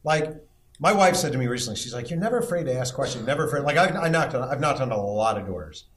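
Man, middle-aged, podcast host, animated storyteller, teasing, live audience chat. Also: medium pitch, quick pace.

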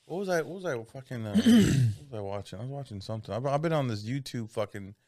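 A man's voice: medium pitch, animated, fast, mellow, dry recording, clean studio sound. A man in casual chat, swearing freely and laughing often. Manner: profane, laid-back, laughs often.

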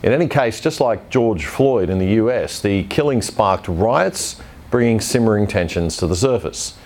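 A man's voice: on the low side, lively intonation, moderate pace, a little mellow. A man hosting a news commentary show, delivering opinionated scripted commentary in a blunt manner.

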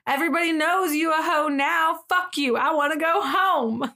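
A clingy, volatile young man, played by a woman telling the story on a podcast, whines in outbursts pitched above her usual voice. He sounds exasperated and dramatic. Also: moderate pace, bright, forceful tone. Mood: whiny.

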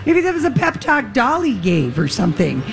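Woman co-host, slightly high voice, chatty, joking, casual banter. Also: huge pitch swings, vocal fry. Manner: chatty, quick to joke and guess. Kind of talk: casual chat show banter.

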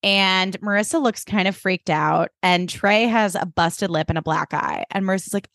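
A woman co-hosts a podcast in casual, chatty recap style. Her voice sits in a middle range, and she slips into quick playful impressions of characters. The sound is dry and close. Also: medium pitch, fairly bright tone, no echo. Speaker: podcast co-host.

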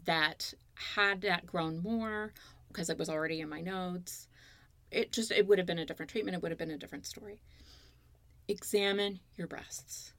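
A woman in her fifties speaks as an interview guest, her low voice carrying a gravelly edge. She tells her story earnestly and openly, close to a dry-sounding mic. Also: a little fast, bright, forceful tone, no room sound. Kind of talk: candid interview conversation.

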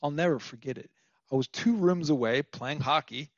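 A man's voice: a little high, normal speed, no room sound, muffled recording. A young man from Minnesota, a podcast guest, telling a story casually with lots of fillers and laughs.

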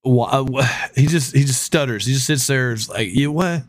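A man's voice: medium pitch, a little fast. A man telling a story in casual podcast chat. He acts out the other people in his story and laughs between lines. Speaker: fire department lieutenant.

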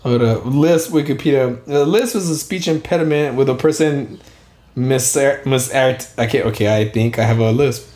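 A man's voice: mid-range voice, moderate pace, a little mellow. A young man co-hosting a casual podcast, rambling, swearing often and laughing at himself. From Southern California. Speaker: podcast co-host. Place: small warm room. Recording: roomy echo.

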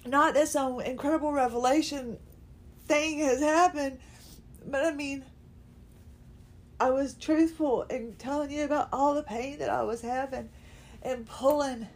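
Lady podcaster lying down at home, high voice, slow, rambly and emotional, keeps saying sorry. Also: steady tone. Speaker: podcast host. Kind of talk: unscripted personal chat.

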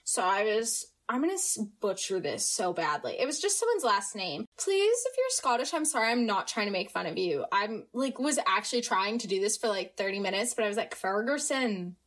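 A woman's voice: medium pitch, big pitch swings, fairly quick, few pauses, fairly bright tone. A teenage American girl hosting a podcast, chatting casually about school with plenty of fillers and self-mocking asides. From United States. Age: teens. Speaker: podcast host. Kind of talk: casual solo podcast chat.

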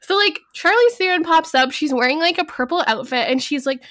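A woman's voice: high voice, expressive, brisk, fairly bright tone. A young woman co-hosting a casual movie review chat, rambling and swearing, with constant fillers. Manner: rambling, profane, heavy use of "like". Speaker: podcast co-host.

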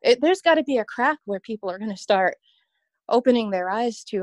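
A woman's voice: on the high side, animated, fairly quick, no echo. A woman guest on a podcast, talking in a rambling, earnest way and laughing often. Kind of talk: casual podcast chat.

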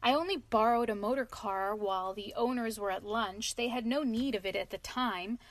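A woman's voice: normal speed, dry recording, natural voice. A woman voicing a boastful, self-pitying male toad with dramatic, pleading speech in a storybook reading. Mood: sheepish. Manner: dramatic, pleading, high-strung.

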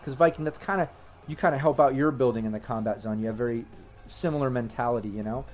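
A man's voice: medium pitch, fast talker, soft background music. A young man narrating a tabletop game as game master, rambling with many fillers.

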